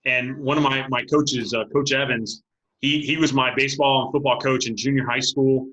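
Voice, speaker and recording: A man in his late forties, a high school football coach, telling stories as an interview guest and acting out what people said. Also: moderate pace, low-quality recording. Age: late 40s. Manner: animated storyteller, acts out quotes, laughs often. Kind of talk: casual interview storytelling.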